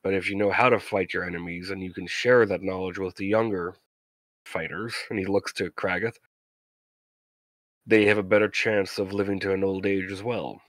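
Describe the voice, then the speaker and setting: Game master, male, measured questioning, lowish voice, dry sound. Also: steady tone, a bit bright, no room sound. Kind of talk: tabletop role-play narration and in-character questions.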